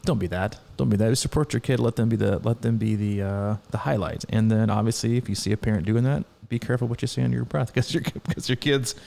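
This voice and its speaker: A man's voice: fairly low pitch, fast, gravelly, hardly any pauses. A middle-aged man co-hosting a podcast, telling a story in casual chat with lots of restarts and laughs. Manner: rambling, animated, laughs often, many restarts. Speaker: podcast co-host.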